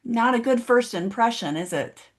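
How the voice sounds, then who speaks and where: Speaking at a moderate pace in an expressive voice on the high side, a woman gives a motivational keynote. The event is online, with the audience in the chat, and she tells a story while asking them direct questions.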